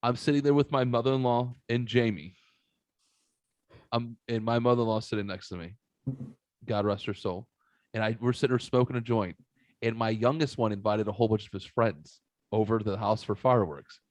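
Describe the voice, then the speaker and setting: A middle-aged man tells rowdy stories on a podcast, cursing freely and calling everyone dude. His voice sits at an ordinary pitch, recorded close and dry with no room sound. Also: fairly quick, no echo. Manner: profane, animated storyteller saying dude a lot. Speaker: podcast host. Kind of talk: casual storytelling chat.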